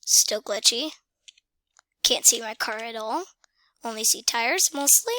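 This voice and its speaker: A woman's voice: fairly high pitch, steady tone, moderate pace, sharp tone, no room sound. A woman casually talking through a driving game, muttering, whispering and exclaiming to herself. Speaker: gamer playing a driving game. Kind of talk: casual gameplay commentary.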